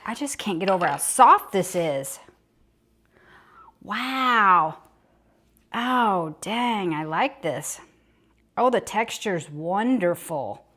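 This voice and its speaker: A woman's voice: medium pitch, lively intonation, slow pace, long pauses, a bit bright. A woman filming a casual home baking vlog in her kitchen, gushing and exclaiming often, on a small clip-on mic. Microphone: small clip-on microphone.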